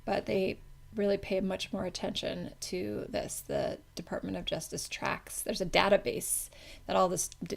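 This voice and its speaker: A woman's voice: on the low side, gravelly. A woman teaching a pharmacology class in a casual, conversational way, often correcting herself mid-sentence. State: has the hiccups. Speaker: pharmacology instructor. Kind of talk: classroom lecture.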